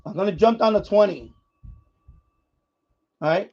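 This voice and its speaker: An unhurried man with a high, creaky, slightly mellow voice runs a ham radio stream. He casually demonstrates his gear for viewers, rambling and restarting sentences. The stream audio is dull and lo-fi.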